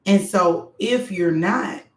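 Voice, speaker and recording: Animated frank woman in echoey room. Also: fairly low pitch, takes it slowly. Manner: animated, frank, talks straight to viewers. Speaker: doctoral student vlogger. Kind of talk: candid advice monologue.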